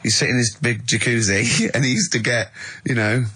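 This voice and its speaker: A man co-hosting a casual comedy chat, telling stories with animated energy and bursting into loud laughter. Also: normal speed, slightly rough. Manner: loud high-pitched laughter, animated storytelling. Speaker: co-host.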